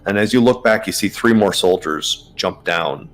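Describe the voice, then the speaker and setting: A man narrating a tabletop game as game master, relaxed and hesitant, with many fillers. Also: low voice, normal speed.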